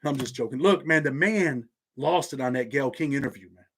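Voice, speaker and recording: A man's voice: mid-range voice, a little fast, fairly bright tone, husky. A man with a Southern accent hosting a live stream from his home office, talking in laid-back street slang. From Indiana. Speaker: channel host.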